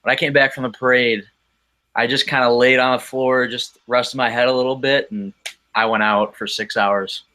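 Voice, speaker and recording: A man's voice: medium pitch, steady tone, normal speed, sharp tone. A man talking as a guest on a podcast, telling a casual story in a rambling way with frequent ums and restarts.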